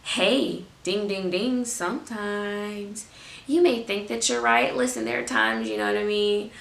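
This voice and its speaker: A woman's voice: medium pitch, lively intonation, a little slow, vocal fry, echoey room. A woman in her twenties giving a motivational talk to her viewers, emphatic and repeating phrases for effect. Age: 20s. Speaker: faith vlogger.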